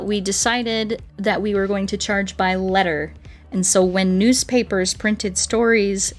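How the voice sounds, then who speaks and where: A woman from the United States with an American accent, chatting casually and playfully while streaming a game. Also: mid-range voice. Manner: chatty, playful, laughs often, talks to chat and animals. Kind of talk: casual gaming chat. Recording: faint music behind.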